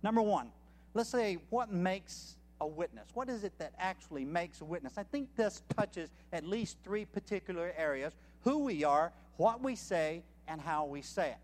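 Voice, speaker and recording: A man's voice: high-pitched, animated, moderate pace, in a large hall. A man preaching a sermon as a missionary, emphatic and counting off his points one by one.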